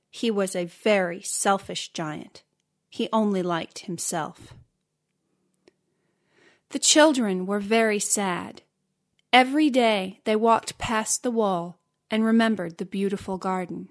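A woman narrating a simple storybook, reading slowly, clearly and carefully. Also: medium pitch.

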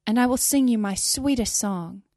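Tender storybook nightingale, earnest and pleading, read by a woman with a warm, dry voice. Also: fairly high pitch, moderate pace, no echo, lightly acted. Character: small devoted female nightingale, brave and tender.

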